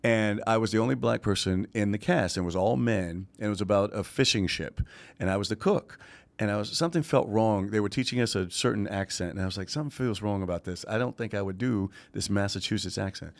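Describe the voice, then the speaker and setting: Middle-aged male stage actor, slightly low voice, easy playful storyteller, casual guest chat. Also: fast, creaky. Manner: playful, storytelling, laughs often.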